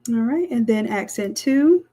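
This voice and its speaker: A woman's voice: fairly high pitch, animated, measured pace, warm tone. Chatty woman teaching design live. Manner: chatty, says "y'all", talks viewers through steps. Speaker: design instructor. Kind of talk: live screen-share tutorial.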